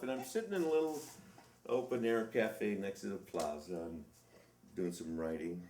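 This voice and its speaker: A man on a live stage telling rambling, chuckling anecdotes with plenty of fillers. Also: mid-range voice. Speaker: stage performer telling stories. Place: live stage in a reverberant hall. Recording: echoey live hall, distant mic, faint noise.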